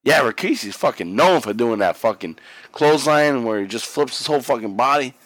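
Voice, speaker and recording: Brisk and mid-range, the man's voice has no room sound. Co-hosting a podcast, he animatedly recounts a wrestling story in easygoing chat, cursing freely and playing out the quotes.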